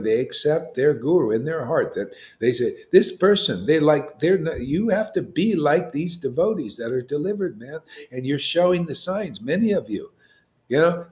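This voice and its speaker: A man as spiritual teacher, giving an informal devotional talk in a colloquial way, full of rhetorical questions and rising in pitch to stress his points. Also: darkish tone.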